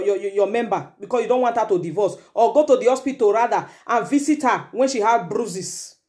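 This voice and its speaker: Lecturing Nigerian woman, slightly high voice. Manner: forceful, lecturing, slips into Pidgin. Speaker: vlogger. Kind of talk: advice monologue.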